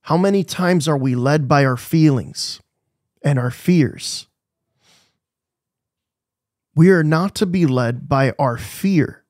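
A man's voice: on the high side, slow, pauses often, darkish tone, no room sound, clean studio sound. A man preaching a devotional sermon, asking the listeners questions and repeating his key phrases with emphasis.

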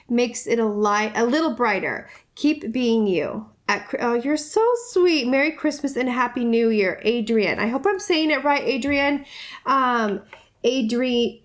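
Woman vlogger, a little high-voiced, effusive and gushing, soft rambling chat with fillers. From United States. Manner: gushing, effusive, repeats herself. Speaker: YouTuber opening viewer mail. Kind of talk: casual vlog chat.

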